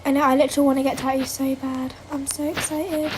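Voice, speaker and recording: A woman's voice: high-pitched, level tone, fast talker, noisy background. A teenage girl with an English accent, chatting casually on a phone livestream and reading out viewers' comments, with lots of "like" and "mate". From Britain. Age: teens. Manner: chatty, giggly, says "like" and "mate" a lot. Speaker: livestream host.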